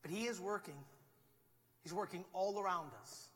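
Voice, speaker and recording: A man preaching a sermon as pastor, talking in a conversational, animated way and acting out quotes. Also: high voice, normal speed, slightly rough, in a large hall. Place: church sanctuary.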